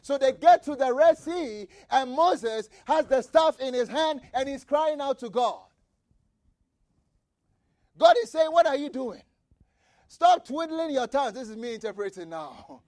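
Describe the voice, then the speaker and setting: A man preaching a fervent sermon, repeating phrases, shouting key lines and reading scripture aloud. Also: very high voice, animated, unhurried, no echo, studio quality. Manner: reads scripture aloud and comments with asides.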